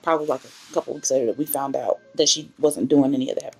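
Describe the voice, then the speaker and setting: A woman's voice: a bass voice, fairly even intonation, quick pace, gravelly, breathy edge, faint music behind. A woman in her twenties candidly telling an emotional personal story in a faith vlog. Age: 20s. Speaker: vlogger.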